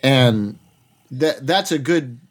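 A man's voice: mid-range voice, expressive, slow pace. A man, an actor and guest, chatting casually in an easygoing way, chuckling and swearing now and then. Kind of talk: casual chat.

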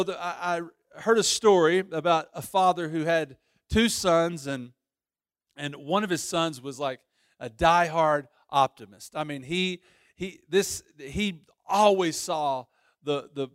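A pastor preaching a sermon, telling a story with lively voices and frequent restarts. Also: male voice, fairly high pitch, measured pace, dry recording, clean studio sound.

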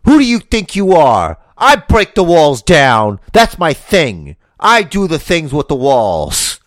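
A man playing a brash, cocky veteran male wrestler who talks loud and boastful, casually recorded on a podcast. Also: fairly high pitch, wildly swooping pitch, slow pace, no echo, clean studio sound, pitched above the performer's own voice, full character voice. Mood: mocking.

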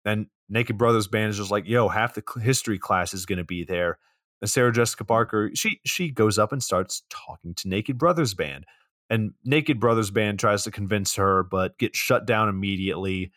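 Low-voiced man recapping a movie. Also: fairly bright tone, no echo, studio quality. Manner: fast plot summarizing, swears casually. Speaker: podcast co-host. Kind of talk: casual movie recap chat.

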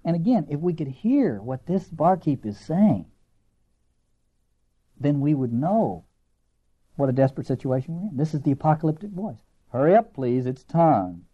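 A man with a Southern American accent giving a literature lecture, earnest and emphatic, slow and deliberate, then quick. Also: fairly high pitch, big pitch swings, husky. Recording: dull lo-fi lecture recording.

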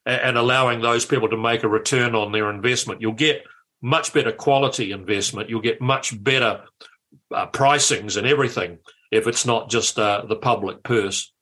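An older man, a former politician telling anecdotes in a lively way, with frequent restarts. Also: medium pitch, normal speed. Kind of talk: anecdotal storytelling.

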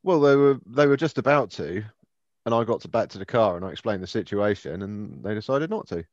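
A man co-hosting a podcast, chatting casually in a calm, mildly contrary way. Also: on the low side, a little fast, no room sound, dull audio. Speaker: podcast co-host. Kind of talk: casual chat.

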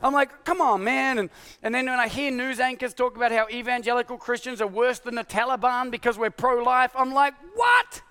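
A male pastor preaching a sermon in an animated, confessional way, swinging from shouted exasperation to hushed tones. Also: extremely high pitch, brisk, clear, resonant tone.

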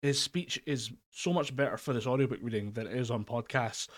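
A man co-hosting a casual podcast, talking in a rambling, easygoing way. He laughs often and trails through plenty of ums and likes, at a middling pitch. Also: brisk. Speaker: podcast co-host. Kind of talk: casual chat. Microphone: remote call mic.

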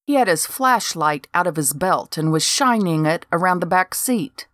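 A woman's voice: fairly low pitch, animated, moderate pace, a bit bright, dry recording. An older woman reading a first-person story aloud with dry, wry humor. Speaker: narrator.

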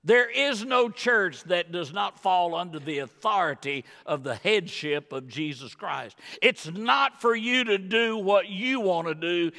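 A man preaches with emphatic force, his gravelly voice climbing into high, excited bursts. His tone is sharp and bright. The long reverb of a big church sanctuary trails behind every phrase. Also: measured pace, hardly any pauses. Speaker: guest pastor. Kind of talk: sermon. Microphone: wireless body mic with battery pack.

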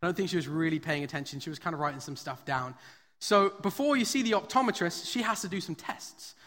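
A pastor delivers a sermon at a live church service in a fairly bright voice on the high side. His style is conversational and story-driven, peppered with frequent fillers, and the recording carries the long reverb of a large hall.

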